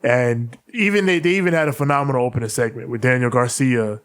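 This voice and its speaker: A man's voice: mid-range voice, quick pace, clean tone. A man co-hosting a casual podcast, breaking things down articulately and laughing often. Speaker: podcast co-host. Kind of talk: casual chat, analytical recap.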